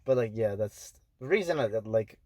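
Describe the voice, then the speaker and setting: A man's voice: lowish voice, lively intonation, normal speed, dark tone, no room sound. A young man hosting a casual podcast, telling work stories in a loose, profane way with lots of fillers. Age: young adult. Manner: loose, profane, full of "like" fillers, laughs often. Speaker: podcast host.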